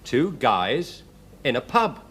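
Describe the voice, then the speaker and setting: A man hosting a live television comedy panel, briskly and wryly announcing the points. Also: mid-range voice, sing-song, a bit bright. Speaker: quiz host. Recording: 1960s TV studio with audience noise. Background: studio audience laughter.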